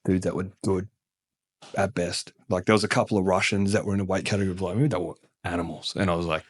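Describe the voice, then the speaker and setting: A deep-voiced Australian man swaps rough, swear-laden stories on a podcast. His tone is blunt and casual, with laughter breaking in, and his voice sits low. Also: fairly even intonation, quick pace. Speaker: guest. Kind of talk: casual interview chat.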